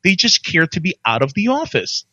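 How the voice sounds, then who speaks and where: A man chatting casually as a podcast guest, telling his career story with lots of restarts and animated jumps when he quotes himself. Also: high-pitched, fairly quick, dry recording, lo-fi sound.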